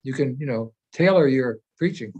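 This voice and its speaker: A man's voice: mid-range voice, expressive, normal speed, mellow, lo-fi sound. A man speaking as a spiritual teacher in an informal discussion, earnest and explanatory, often repeating phrases as he searches for words.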